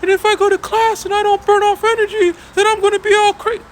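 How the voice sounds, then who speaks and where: A man voicing a whiny young schoolgirl who complains in a high, pleading falsetto. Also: flat delivery, fast. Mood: whining.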